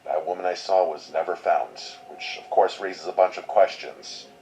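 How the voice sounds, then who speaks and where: Deep-voiced man narrating horror, lo-fi. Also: fairly even intonation, warm tone. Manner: measured, somber storytelling. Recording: dull lo-fi sound, faint noise.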